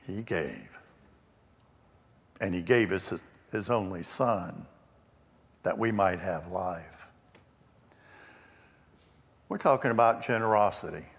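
Pastor preaching a story-filled sermon. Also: male voice, low-pitched, slow pace, pauses often. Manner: varied emphasis, dropping to hushed asides. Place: church sanctuary. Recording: long church reverb.

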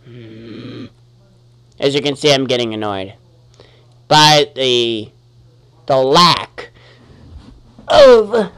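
A man giving let's-play commentary on his gameplay, talking to the enemies on screen and quickly getting annoyed. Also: medium pitch, a bit bright, smooth. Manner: talks to the enemies on screen, easily annoyed, exclaims.

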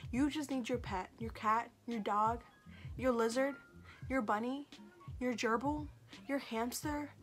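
A woman's voice: a little high, fairly even intonation, unhurried. A woman vlogger chatting casually to camera in a sassy, joking, self-mocking way. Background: faint background music.

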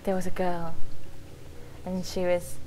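A young woman telling a creepy story in a casual, halting, giggly way while a game plays. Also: lowish voice, completely flat delivery, warm tone, slight background noise, low-quality recording. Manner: giggly, halting, lots of ums and likes. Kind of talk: casual storytelling over gameplay.

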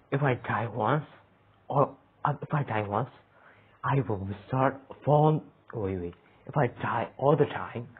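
A man's voice: mid-range voice, husky. A man commentating his own horror game play, talking to himself, laughing and yelping when startled. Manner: excitable, yelps and laughs at scares, talks to himself. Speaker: gamer playing a horror game. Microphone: phone mic. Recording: tinny phone-like sound.

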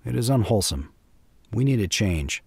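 A man's voice: lowish voice, big pitch swings, moderate pace, vocal fry, a little mellow, husky, dry recording, exaggerated voice. A man reading the part of an unflappable doctor turned gambler, speaking dryly and offhandedly, in an audiobook. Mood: dry, easy. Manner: dry and offhand.

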